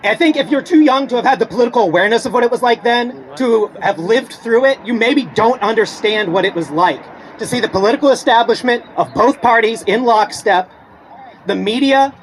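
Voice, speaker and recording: A man's voice: extremely high pitch, brisk, a little hiss or hum, rough recording. A man giving an earnest, reflective political speech at an outdoor protest rally. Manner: reflective, earnest, occasional laughter. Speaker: rally speaker.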